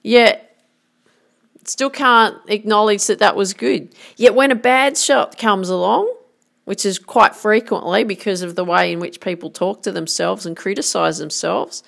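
A woman's voice: mid-range voice, a little slow, creaky, a bit bright. A middle-aged woman golf coach, giving an earnest, emphatic motivational talk.

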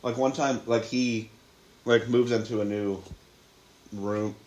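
A man's voice: medium pitch, steady tone, takes it slowly, darkish tone. A young man from Ohio co-hosting a casual podcast, chatting in a rambling way full of fillers. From Ohio, USA. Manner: rambling, filler-heavy storytelling. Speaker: podcast co-host. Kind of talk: casual chat. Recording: roomy echo.

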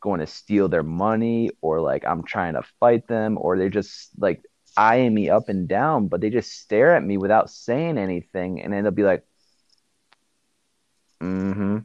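Low-voiced young man, lo-fi sound. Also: expressive, normal speed, a little mellow, no echo. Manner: storytelling with acted-out quotes. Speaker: guest co-host. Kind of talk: casual chat.

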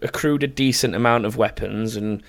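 A man's voice: fairly low pitch, normal speed, vocal fry. A young man hosting a casual podcast chat, telling rambling stories with lots of laughing and swearing. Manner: rambling, laughing storyteller who swears freely. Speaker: podcast host.

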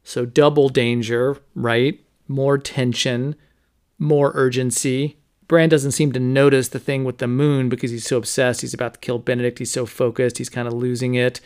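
A man's voice: mid-range voice, flat delivery, moderate pace, a little mellow, clean tone. A man hosting a podcast, casually recapping a book's chapters with lots of "you know" and "like". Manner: conversational, many fillers like "you know" and "like". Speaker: podcast host. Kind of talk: casual book recap with read-aloud quotes.

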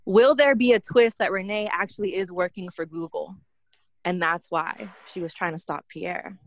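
A woman's voice: fairly low pitch, moderate pace. Enthusiastic woman in a brainstorm. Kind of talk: casual group brainstorm.

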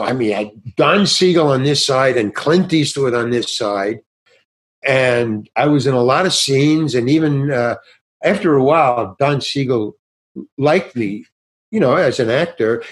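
An older man spins a long, rambling anecdote in a casual interview. He circles back and restarts his sentences, and now and then slips into acted snatches of dialogue. His voice sits at an ordinary, mid-range pitch for a man. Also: measured pace. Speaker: guest actor.

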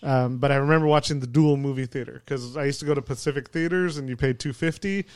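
A man's voice: mid-range voice, steady tone, fast talker, a little mellow, clear, resonant tone, no room sound. A man hosting a podcast, chatting casually about movies, rambling and swearing with frequent laughs. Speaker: podcast host. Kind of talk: casual movie review chat.

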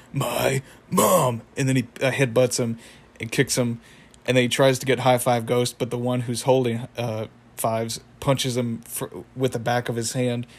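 A young man casually recapping a cartoon episode, rambling and correcting himself, chuckling as he goes. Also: medium pitch. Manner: rambling, self-correcting, chuckles, acts out quotes. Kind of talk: casual retelling with impressions.

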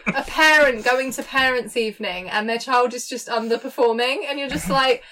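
A woman's voice: on the high side, moderate pace, sharp tone, slight background noise, rough recording. Giggly, playful woman host. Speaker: podcast host. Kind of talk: casual chat.

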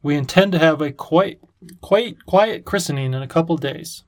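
A man voicing an excitable, lovestruck creature king who talks with a lisp. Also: on the high side, normal speed, lightly acted. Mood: affectionate.

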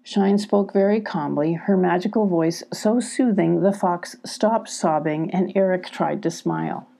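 Woman, children's storybook narration, calm, gentle, husky, breathy. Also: lowish voice, measured pace. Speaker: storybook reader.

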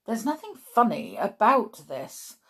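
A woman voicing a firm, patient grandmother in her old age who speaks in a calm, measured way in a storybook reading. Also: medium pitch, breathy edge, voice pushed up, full character voice.

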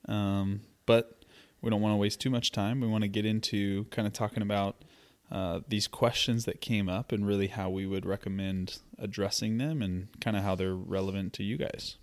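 A man's voice: fairly low pitch, fairly even intonation, normal speed. A man co-hosting a podcast, talking in an easygoing way with plenty of ums and uhs. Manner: easygoing, plugging with filler words. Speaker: podcast co-host. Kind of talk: casual podcast chat.

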